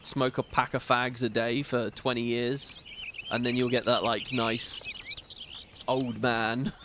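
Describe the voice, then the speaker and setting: A man's voice: mid-range voice, flat delivery, a little slow, pushed and bright, slight background noise. A man hosting a gaming video, giving rambling, opinionated playthrough commentary. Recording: game music behind voice.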